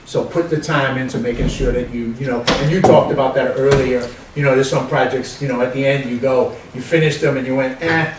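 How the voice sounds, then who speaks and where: A man's voice: mid-range voice, fairly even intonation, fairly quick, few pauses, very noisy. Bronx-accented man speaking in an echoey room. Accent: New York (Bronx). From the Bronx, New York. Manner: rambling, folksy, many fillers and restarts. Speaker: film producer leading a workshop. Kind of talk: informal workshop talk. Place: large room with a live audience. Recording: echoey room, mic from far off.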